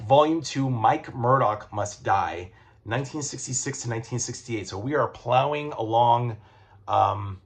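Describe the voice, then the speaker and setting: A man's voice: mid-range voice, measured pace. A man reviewing comic books in a casual video, rambling with lots of fillers, restarts and swearing.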